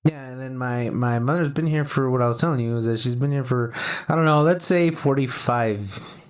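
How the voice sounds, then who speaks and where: Rambling, swearing Texan co-host. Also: male voice, medium pitch, normal speed. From Texas, United States. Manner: rambling, heavy swearing, many restarts. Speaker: podcast co-host. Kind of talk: casual profane chat.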